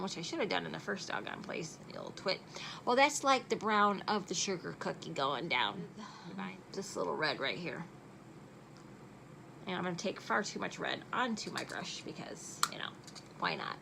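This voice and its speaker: A woman's voice: medium pitch, animated, normal speed, creaky. Middle-aged woman, casual makeup tutorial, self-deprecating chatter, faint background noise. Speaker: makeup vlogger. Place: home at night.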